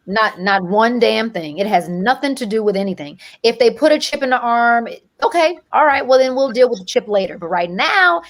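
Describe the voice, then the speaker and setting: Female co-host, higher voice, blunt and emphatic, preachy energy. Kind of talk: casual talk.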